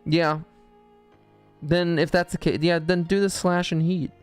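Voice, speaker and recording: A man's voice: fairly high pitch, little pitch movement, unhurried, soft background music. A male streamer in casual livestream chat, laid-back and profane with joking asides, reading his own script aloud.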